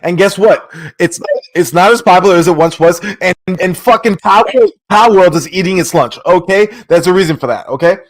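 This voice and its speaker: A man on a casual gaming podcast who sounds keyed up and rambles on, swearing freely. His voice sits a little higher than most men's, and he keeps talking through a bout of hiccups. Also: brisk. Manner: excitable, rambling, swears often. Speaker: podcast co-host.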